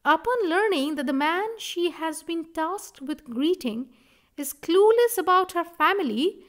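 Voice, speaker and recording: A woman teaching a literature class, reading a story aloud and explaining it in a measured, deliberate way. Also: very high-pitched, expressive, a bit bright. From India.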